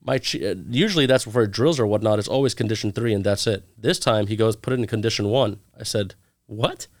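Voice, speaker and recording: A man's voice: lowish voice, a little fast, dry recording, clean studio sound. A man in his thirties, a guest in a casual interview, telling stories with energy and acting out the lines of the people in them. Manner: animated storyteller acting out quoted dialogue.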